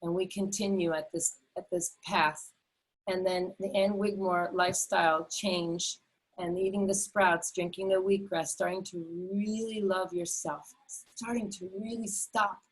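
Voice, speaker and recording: A middle-aged woman with a low, husky voice gives an enthusiastic health lesson over a video call. She talks earnestly and repeats herself, stumbling through fillers and restarts as she goes. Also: steady tone, measured pace, low-quality recording. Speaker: health educator. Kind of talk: enthusiastic webinar talk.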